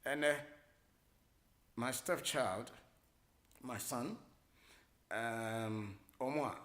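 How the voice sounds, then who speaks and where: A middle-aged man with a Ghanaian English accent talks on air as a radio host. His speech rambles and is full of hesitations, and he switches freely between English and Twi. His voice sits at an ordinary middle pitch. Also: extremely slow, a bit bright. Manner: rambling, mixes English with Twi, many fillers. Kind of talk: casual radio talk.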